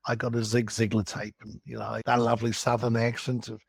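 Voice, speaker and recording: English man, gravelly husky voice, anecdotal guest, dry close sound. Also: mid-range voice, completely flat delivery, a little fast, no room sound. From England. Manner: anecdotal storytelling. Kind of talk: podcast interview.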